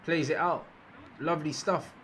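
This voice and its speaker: A young man talks over football clips in a loose, slangy reaction style, with a slightly higher voice than most men. He keeps repeating phrases and bursts out loudly when something big happens. A faint hiss of noise sits under the recording. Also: normal speed. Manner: excitable, breaks into loud outbursts at big moments. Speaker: youtuber reacting to football footage. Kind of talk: casual reaction commentary.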